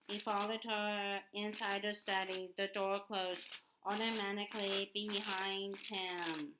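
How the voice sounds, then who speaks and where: A woman's voice: mid-range voice, slow. A woman reading a story aloud, often stumbling and repeating words as she goes. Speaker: audiobook reader. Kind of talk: unrehearsed read-aloud narration. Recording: steady background noise.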